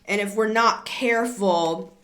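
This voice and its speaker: A middle-aged woman giving a casual tarot reading, rambling, repeating herself and building to excited emphasis. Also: medium pitch, measured pace, slight background noise. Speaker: tarot reader.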